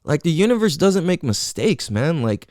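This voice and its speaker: A man's voice: fairly high pitch, very animated, moderate pace, darkish tone, dry recording. Swearing man telling a story, dry sound. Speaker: podcast host. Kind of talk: casual storytelling podcast.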